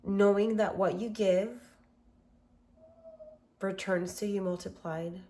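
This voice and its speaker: A woman hosting a self-love workshop, leading a guided meditation with gentle, affirming words in a calm manner. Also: mid-range voice, takes it slowly, slight background noise.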